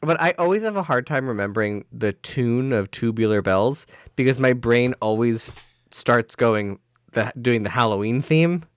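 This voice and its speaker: A man co-hosting a movie review podcast, chatting casually in a jokey, expressive way with some swearing. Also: medium pitch, normal speed, no room sound, studio quality. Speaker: podcast co-host.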